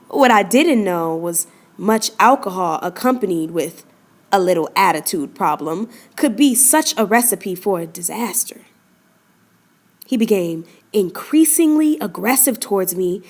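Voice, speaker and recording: A woman playing a wounded young woman, confiding and earnest. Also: a little high. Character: young woman recounting a hurtful relationship, wounded but resolute. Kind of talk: dramatic monologue.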